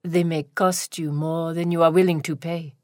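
A woman's voice: low voice, flat delivery, normal speed, dry recording, clean studio sound, lightly acted. A woman voicing a sly, insinuating male shoemaker in his late thirties with an unplaced foreign accent, in a storybook reading.

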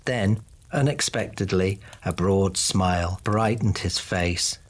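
A man narrating a fantasy audiobook in a steady, even way. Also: low voice, slow.

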